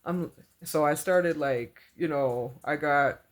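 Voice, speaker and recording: A woman's voice: low voice, slow pace. Woman rambling through a dream account. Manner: rambling, full of "like" and "you know", repeats phrases; earnest and religious. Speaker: vlogger recounting a dream. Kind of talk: casual storytelling.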